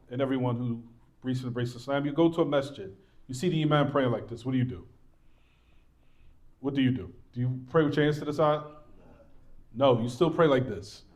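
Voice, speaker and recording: A man's voice: fairly high pitch, darkish tone. A man teaching a religious class in a mosque, repeating points, reassuring his students and asking them rhetorical questions. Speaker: Islamic teacher.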